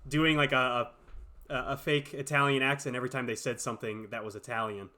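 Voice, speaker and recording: A young man co-hosting a podcast, ranting in animated casual chat and laughing often. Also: medium pitch, fairly quick. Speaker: podcast co-host.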